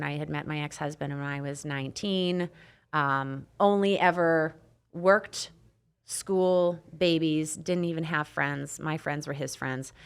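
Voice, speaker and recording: Brief: woman from Canada, podcast guest, lower-pitched, frank storyteller who swears and plays out quotes. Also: smooth. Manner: candid, swears, acts out quoted dialogue. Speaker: podcast guest, nurse practitioner. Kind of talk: casual interview storytelling.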